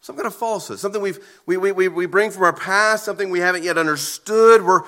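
Man, pastor, sermon, high voice, sharp forceful tone, earnest, pausing for emphasis. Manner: earnest, emphatic preaching with deliberate pauses.

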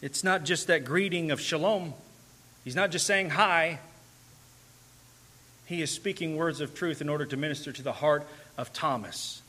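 A man's voice: fairly high pitch, normal speed, pauses often, pushed and bright. A man preaching a sermon in an earnest manner, building to emphatic and tender passages.

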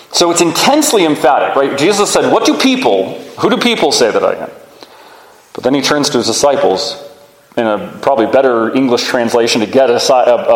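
A man preaching a sermon, teaching earnestly and often restarting his sentences. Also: medium pitch. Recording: echoey hall with long reverb.

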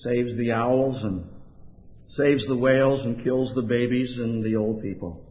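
Male preacher from Oregon, slow and deliberate sermon delivery, tinny phone-like recording. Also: mid-range voice, steady tone. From Oregon, USA. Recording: tinny, lo-fi sound with long hall reverb.

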